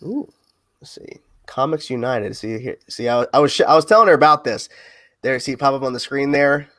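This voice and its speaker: A man hosting a casual livestream chat, talking in quick asides. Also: medium pitch, bright, forceful tone, no room sound. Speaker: host.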